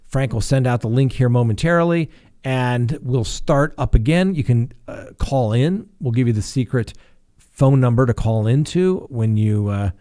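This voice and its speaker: A middle-aged man talking casually on a live stream, a defense attorney swapping war stories. He tells them with animation, jumping into the voices of judges and prosecutors, and his voice sits at an ordinary middle pitch. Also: normal speed. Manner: animated storyteller acting out courtroom voices.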